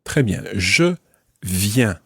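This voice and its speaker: Scottish guy teaching a lesson, lively up-and-down voice, bit husky, dry close sound. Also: on the low side, dry recording. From Scotland. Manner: patient, models phrases slowly for repetition. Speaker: language teacher. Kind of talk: slow, clear language lesson.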